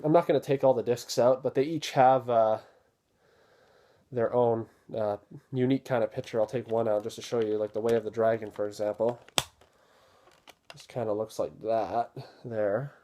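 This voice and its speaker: A man casually talking through an unboxing, relaxed and rambling with many fillers. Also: mid-range voice, moderate pace, pauses often. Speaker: video host reviewing a disc set.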